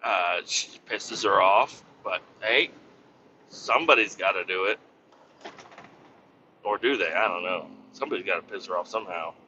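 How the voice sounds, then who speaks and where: A man's voice: low-pitched, moderate pace, long pauses, pushed and bright, dull audio, slight background noise. A man rambling casually about family life, swearing freely and joking at his own expense, full of fillers. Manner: profane, rambling, self-mocking with many fillers. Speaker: podcast host and family man.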